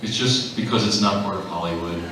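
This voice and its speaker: A man's voice: sits low, fairly quick, slight background noise. A man who voices characters, telling stories to a live convention panel audience and acting out the voices in them. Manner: animated, acts out the voices in his stories. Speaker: voice actor guest on a convention panel. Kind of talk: anecdotal storytelling to a live audience. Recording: echoey hall, mic heard from far off.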